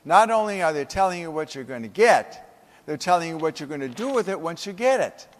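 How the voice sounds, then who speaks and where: A man's voice: on the high side, big pitch swings, a little fast, a little hiss or hum. A man giving a humorous, emphatic motivational keynote speech at a conference, full of stories. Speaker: keynote speaker. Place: conference hall. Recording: echoey conference hall.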